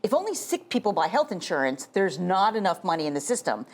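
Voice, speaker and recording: A middle-aged woman talks as a guest on a TV interview show. She explains policy in a measured, patient way. Her pitch is lively and moves up and down a lot. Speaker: guest, health policy expert.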